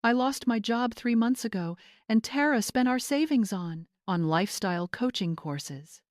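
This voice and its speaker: A woman's voice: fairly high pitch, animated, normal speed, dry recording, pitched above the performer's own voice, lightly acted. Woman playing tearful grown son, cracking voice, dry. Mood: anguished. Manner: voice cracking, emotional.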